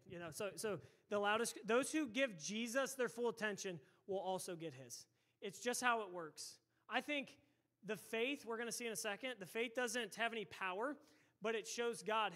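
A male pastor delivers a lively sermon in a church. His voice sits high and sounds bright and forceful. He drives his points home with emphatic repetition and rhetorical questions. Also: normal speed. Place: church sanctuary.

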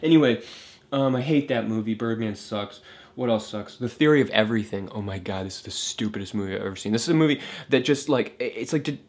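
A man ranting casually about films, swearing a lot and mocking what he dislikes, with many fillers and restarts. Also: fairly low pitch. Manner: profane, fast, scornful, many fillers and restarts; mocks characters in a raised voice. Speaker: film vlogger. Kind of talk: casual rant to camera.

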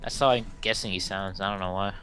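A man in casual gaming chat with a friend, excitable and teasing, slipping into goofy voices. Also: low voice, fast talker, soft background music. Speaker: gamer, friend of the host.

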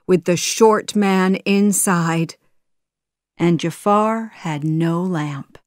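A woman narrating a children's storybook in a clear, measured way. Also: fairly low pitch, darkish tone, no room sound, clean studio sound. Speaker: audiobook narrator. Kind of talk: scripted storybook narration for learners.

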